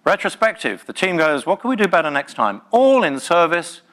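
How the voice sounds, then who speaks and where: A man's voice: fairly high pitch, big pitch swings, fairly quick, fairly bright tone. A man giving a live talk at a tech conference, passionate and emphatic, with playful jokes to the room. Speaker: conference speaker.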